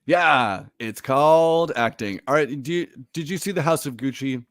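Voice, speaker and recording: A man's voice: fairly high pitch, normal speed, fairly bright tone, no room sound, clean studio sound. A man co-hosting a podcast, chatting casually and animatedly, often laughing and reading quotes aloud. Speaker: podcast co-host. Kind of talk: casual chat.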